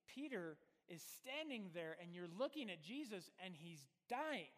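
A man preaching a sermon as pastor, telling the story conversationally and swinging between loud bursts and quiet, hushed lines. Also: very high voice, in a large hall.

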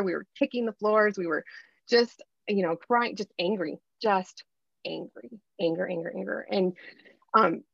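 Middle-aged woman podcast guest, earnest and animated, with a slightly muffled, dry recording. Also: medium pitch, no echo. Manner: earnest, animated storytelling with filler ums. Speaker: guest life coach. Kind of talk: podcast interview, candid personal story.

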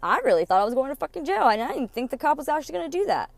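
A woman's voice: high voice, big pitch swings, racing, creaky, no echo. Blunt, foul-mouthed woman telling her story, dry sound. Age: adult mother. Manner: blunt, profane and emotional, quoting others in dialogue. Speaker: storyteller recounting her own life. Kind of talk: candid storytime monologue.

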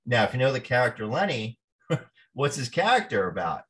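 Animated New man telling stories. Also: medium pitch, brisk, slight background noise. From New Jersey. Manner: animated storyteller, acts out quoted voices. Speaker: actor guest. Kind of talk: storytelling interview.

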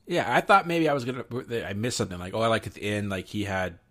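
A man's voice: fairly low pitch, big pitch swings, fast talker, bright, forceful tone. A man co-hosting a casual movie review chat, moving the segments along. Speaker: podcast co-host.

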